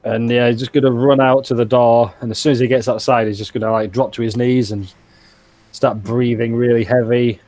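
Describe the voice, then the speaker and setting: A man's voice: medium pitch, little pitch movement, a little fast, darkish tone, dry recording. A man playing a tabletop game, thinking aloud with hesitant restarts as he plans his character's moves. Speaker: player.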